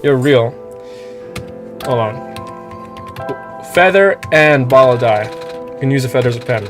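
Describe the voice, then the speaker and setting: A man's voice: medium pitch, lively intonation, takes it slowly, over music. A man from the Philippines with an American-sounding accent, giving casual, rambling let's-play commentary and swearing freely. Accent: American-sounding English. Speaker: streamer playing a game.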